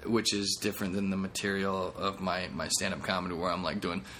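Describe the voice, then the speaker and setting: A man's voice: deep voice, little pitch movement, brisk, fairly bright tone, slight background noise. A comedian hosting his own podcast, talking in a rambling, jokey, self-deprecating way. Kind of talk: casual podcast monologue.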